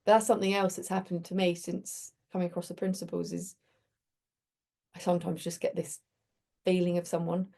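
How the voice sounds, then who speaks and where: A woman's voice: on the low side, little pitch movement, brisk, creaky, pauses often, mellow. A woman hosting a community group, talking in a chatty, reflective way and telling stories with many restarts. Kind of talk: casual reflective talk.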